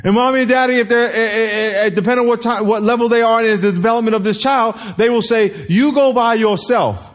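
A man's voice: very high voice, fast, hardly any pauses. A middle-aged man preaching a sermon in a church, calling on the congregation to repeat words back and acting out the people he quotes. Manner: lively, calls for congregation responses, acts out quotes. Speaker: pastor.

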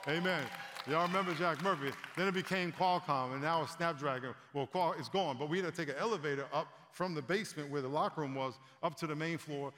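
A man in his fifties delivers a sermon in a conversational, storytelling way, often doubling back and repeating words. His voice sits fairly high for a man. The sound carries a long hall reverb from a large church room. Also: quick pace, some chatter behind. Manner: animated storytelling, repeats words, addresses the congregation. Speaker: preacher.

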